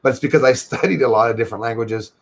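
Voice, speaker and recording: A man's voice: mid-range voice, rapid-fire, gravelly. A Canadian man hosting a casual livestream, chatting loosely and thanking viewers by name as he reads their comments. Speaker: livestream host.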